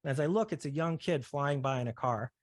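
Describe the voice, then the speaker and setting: A man's voice: medium pitch, brisk, no room sound. A man presenting ideas to a discussion group, walking through everyday examples and often checking in with "right?" and "okay?". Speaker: session presenter. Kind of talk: explanatory talk to a discussion group.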